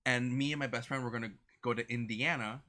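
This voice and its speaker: Bright-voiced man laying out plans step by step. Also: medium pitch, steady tone, a little fast. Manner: lays out plans step by step, repeats himself. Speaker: co-host of a reaction channel. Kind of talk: casual chat.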